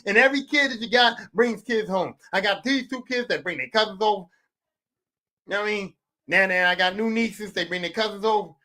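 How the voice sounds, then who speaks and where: A podcast host from West Philadelphia delivers a profane, comedic rant, repeating lines for emphasis. His high voice is brisk with a sharp tone.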